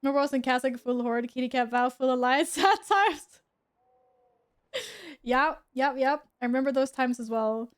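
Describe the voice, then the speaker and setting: Chatty woman streamer, slightly high voice. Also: normal speed, clean tone. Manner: chatty, giggly, talks to chat and her cat. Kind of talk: casual gaming stream chat. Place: home.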